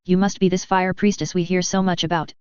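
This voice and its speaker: A woman's voice: on the low side, flat delivery, brisk, darkish tone, clear, resonant tone, no room sound, highs cut off, lightly acted. A smug taunting nobleman, read by a woman. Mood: mocking. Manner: smirking, taunting. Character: smug mocking young nobleman. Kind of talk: fan fiction reading.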